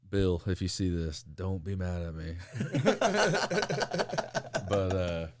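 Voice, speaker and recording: A man guesting on a sports show as a pro wrestler, telling stories in a loose, animated way, laughing often and acting out the people he quotes. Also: low-pitched, takes it slowly, no room sound, studio quality. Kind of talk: casual storytelling interview.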